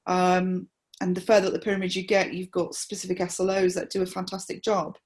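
A woman, a supporter liaison officer, explaining her views in a measured interview with frequent restarts. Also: on the low side, completely flat delivery, a little mellow. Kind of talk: conversational interview.

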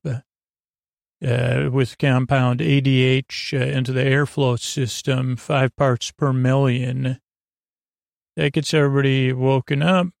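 Male podcast host, gravelly and dry, slow rambling recap for falling asleep. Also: mid-range voice, no room sound. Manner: unhurried, loose retelling full of "he goes" and "uh". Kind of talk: sleepy episode recap.

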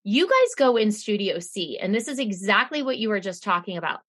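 A woman talking casually on a podcast, recapping an episode with a dry, sarcastic edge. Her pitch sits in a middle range, and she tells the story at an easy, conversational clip. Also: a little fast. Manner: chatty, sarcastic, animated retelling with quoted voices. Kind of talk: casual chat.

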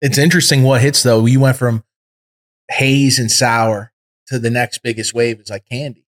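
A man hosting a podcast, asking short, relaxed follow-up questions in casual conversation. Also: medium pitch, moderate pace. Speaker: podcast host.

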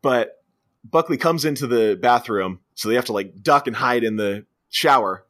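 A podcast co-host, male, retells a film's scenes in a relaxed review chat, switching into quoted voices as he goes. He talks at normal speed in a mid-range voice that's a bit bright.

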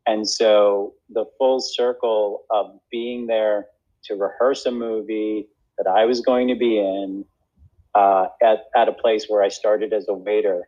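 A man's voice: fairly low pitch, darkish tone, muffled recording. A man, an actor and acting teacher, telling a story in a casual interview, with many restarts and frequent laughs.

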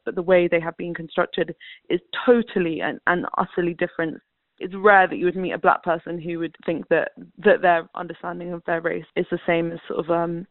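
A woman's voice: fairly low pitch, no room sound. Earnest woman on a tinny phone line. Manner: earnest, considered. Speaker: guest writer. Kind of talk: phone interview commentary. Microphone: phone call.

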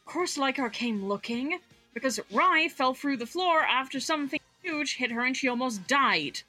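Woman playing an exasperated male adventurer, bright, high, keeps pleading. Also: animated, normal speed, faint music behind, exaggerated voice.

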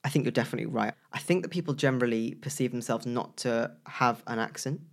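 A man co-hosting a casual chat about voices, lively and playful, with bursts of loud emphasis. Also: medium pitch, fast, creaky. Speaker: co-host, voice professional.

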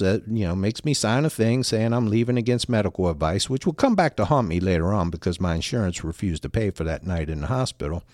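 A man's voice: fairly low pitch, darkish tone, no echo, studio quality. A middle-aged man telling a personal story in a rambling, casual way with many restarts.

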